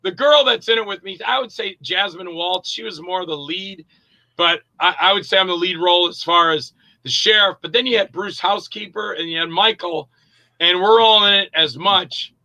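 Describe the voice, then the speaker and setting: Bright-voiced man telling set stories. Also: sits high, normal speed, poor audio. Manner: lively storyteller who acts out other people's lines; loose and rambling, with profanity. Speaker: film actor and director, interview guest. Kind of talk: casual anecdote-telling in an interview.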